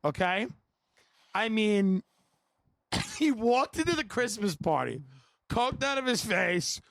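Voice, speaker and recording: A man hosting a podcast, telling comedic stories in an animated, rambling way and laughing between lines. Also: high-pitched, slow pace, vocal fry, no echo. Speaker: podcast host. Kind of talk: comedic storytelling.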